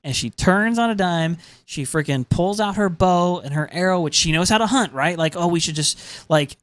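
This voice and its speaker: An animated man co-hosting a podcast. He talks in a fairly high voice and piles on fillers as he makes his points. The sound is dry and close. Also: moderate pace, no echo. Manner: emphatic, animated, frequent filler words. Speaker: podcast co-host. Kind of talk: casual chat.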